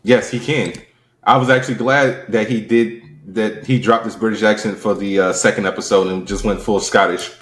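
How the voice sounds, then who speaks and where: A man co-hosting a podcast in casual chat, with expressive, joking banter. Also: on the low side, moderate pace, echoey room. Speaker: podcast co-host.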